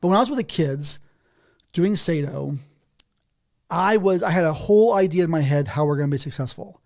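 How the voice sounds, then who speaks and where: Gravelly, fairly high, and fairly quick, a man's voice carries lively stories on a podcast where he's a guest in a house. It's casual talk, and he often laughs partway through his sentences.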